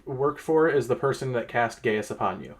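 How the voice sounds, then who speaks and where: Male game master for a tabletop session, animated delivery, rules-heavy, casual. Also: mid-range voice, normal speed. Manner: lively, explains rules at length with frequent fillers.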